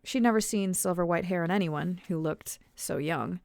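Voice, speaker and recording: Low, gravelly woman reading aloud. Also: moderate pace, darkish tone, no echo. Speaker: author reading her own work. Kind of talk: storybook narration.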